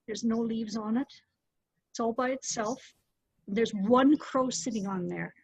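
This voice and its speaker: A middle-aged woman, a storyteller, recounting a personal story with animated delivery. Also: fairly high pitch, measured pace, breathy edge, dry recording. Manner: animated, lively retelling with acted-out quotes. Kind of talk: personal storytelling to a small group. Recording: dull, muffled dry recording.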